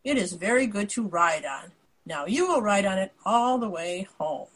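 A woman voicing a wise, gentle storybook prince in a calm, measured read-aloud. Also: mid-range voice, husky, rough recording.

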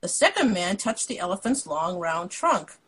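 A woman reading a picture book aloud in an expressive way, with casual asides to her listeners. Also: on the low side, normal speed, breathy edge, low-quality recording. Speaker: storyteller.

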